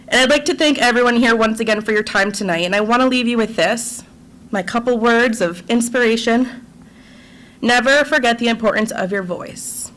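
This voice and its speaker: Earnest woman candidate, slightly high voice, prepared speech with feeling. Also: moderate pace, a bit bright, rough recording. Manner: earnest, emotional. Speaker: school board candidate.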